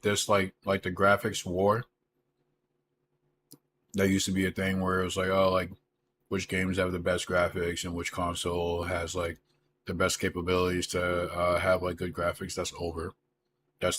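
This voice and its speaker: Deep, monotone male streamer. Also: background noise. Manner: rambling, filler-heavy, eating while talking. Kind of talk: casual live-stream chat.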